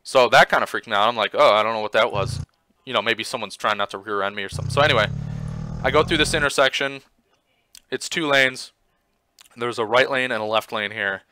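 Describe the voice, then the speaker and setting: A man casually commenting on his own motorcycle footage, rambling with lots of fillers and getting excited as he retells it. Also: medium pitch, brisk, dry recording. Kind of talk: casual commentary over video.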